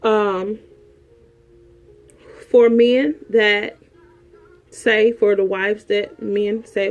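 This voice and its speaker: A woman's voice: medium pitch, fairly even intonation, extremely slow, long pauses, lo-fi sound, faint music behind. A woman counselor giving frank relationship advice in an emphatic, preachy way, repeating her points. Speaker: sexologist and counselor host.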